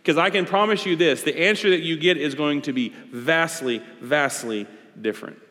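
A man's voice: fairly high pitch, normal speed, sharp tone. A male pastor delivering a conversational sermon, pressing his points with repeated rhetorical questions. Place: large church hall. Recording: long church-hall reverb.

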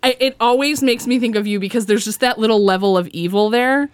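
A woman's voice: on the high side, brisk, clean tone, dry recording. A woman chatting casually on a podcast, teasing loosely with many filler likes. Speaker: podcast co-host. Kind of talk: casual chat.

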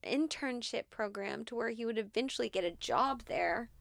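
A woman's voice: a little high, normal speed, gravelly, dry recording. A woman guest on a podcast, telling a personal story in an earnest, candid way with lots of filler words.

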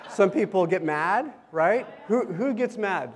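A man's voice: sits high, expressive, measured pace, slightly rough. A male pastor preaching a sermon in a conversational way, often putting questions to the congregation. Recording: long hall reverb.

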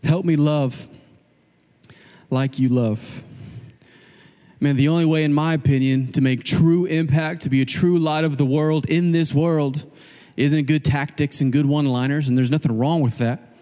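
A male pastor preaching a sermon in a casual, animated way, acting out quoted voices as he goes. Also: fairly high pitch, moderate pace, long reverb tail.

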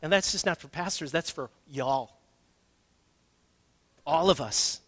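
A man's voice: on the high side, takes it slowly, a bit bright. A male pastor preaching a conversational sermon, building to emphatic questions.

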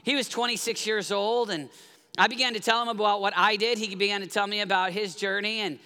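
A man in his forties, a guest pastor, preaching a lively sermon in a church and calling for congregation responses. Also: high voice, fairly quick, clean tone. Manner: energetic, calls for congregation responses. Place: church hall. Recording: reverberant church hall.

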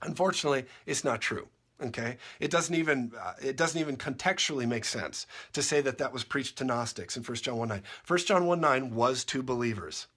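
A man preaching a sermon, insistent and repetitive, dropping quiet and then rising to shouts. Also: mid-range voice, fairly quick, husky.

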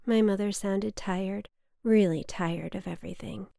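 A woman reading her personal story aloud in a measured, wry, reflective manner. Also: mid-range voice, steady tone, vocal fry, mellow, no room sound, clean studio sound. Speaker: memoir narrator.

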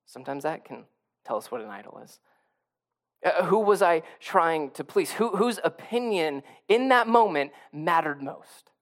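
A man's voice: on the high side, animated, measured pace. A male pastor preaching a sermon in a conversational way, often repeating and restarting phrases and building to emphatic peaks.

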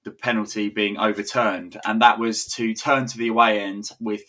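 Low-voiced, bright-toned chatty man. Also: steady tone, moderate pace. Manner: rambling, chuckling storyteller with many restarts. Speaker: podcast co-host. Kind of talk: casual chat.

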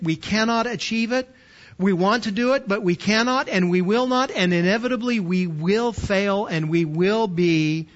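A man's voice: sits high, lo-fi sound. A man preaching an expository sermon as pastor, emphatic, restarting and repeating words, and putting questions to his listeners.

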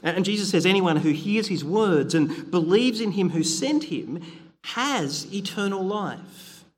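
A man's voice: high-pitched, animated, normal speed, big-room sound. A middle-aged man preaching a sermon, earnest and conversational, with frequent fillers and restarts.

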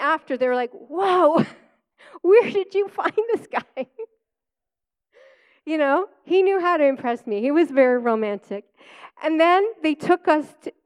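A middle-aged woman preaching, telling a personal testimony in a chatty storytelling way that often breaks into laughter. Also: sits high.

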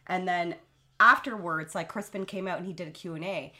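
A woman's voice: on the low side, fairly quick, bright, forceful tone. A young woman hosting a podcast, telling a long story in casual chat with lots of fillers. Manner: rambling storytelling with many fillers.

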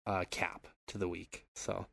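A man hosting a podcast, telling a story in casual chat, animated and swearing freely while acting out loud shouts, on a close microphone at home. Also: low voice, unhurried, vocal fry, no room sound. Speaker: podcast host. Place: home room. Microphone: close podcast mic.

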